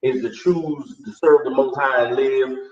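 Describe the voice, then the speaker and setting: A man's voice: mid-range voice, steady tone, measured pace. A man preaching a blunt sermon full of street slang. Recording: distant, echoey, dull recording.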